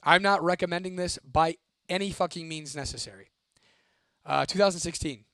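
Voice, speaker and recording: A young man tells his viewers a spooky story, swearing freely and keeping it lively. His voice sits a little high for a man, and the sound is dry and close with no room echo. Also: normal speed. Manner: profane, animated, reads a viewer comment aloud. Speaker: host.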